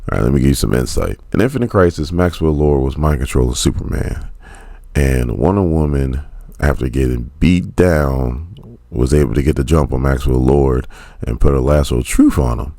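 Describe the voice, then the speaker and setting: A man's voice: extremely low pitch, mellow, no echo. A man in his forties casually retelling a comic story, with laid-back joking asides. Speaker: comic book recap host.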